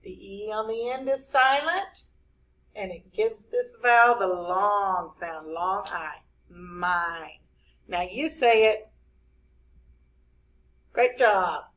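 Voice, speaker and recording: A woman teacher leading a spelling lesson for young children, spelling each word slowly letter by letter. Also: mid-range voice, rough recording. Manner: slow, clear, spelling words out letter by letter.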